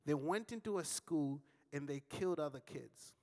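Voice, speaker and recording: A man preaching with a high, bright voice that leaps into shouts and then drops to a near hush. He acts out the voices in his stories and calls on the congregation to answer him. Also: animated, normal speed, big-room sound. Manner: dramatic storytelling with big swings between shouting and hushed tones; acts out dialogue with audience call-and-response. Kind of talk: sermon.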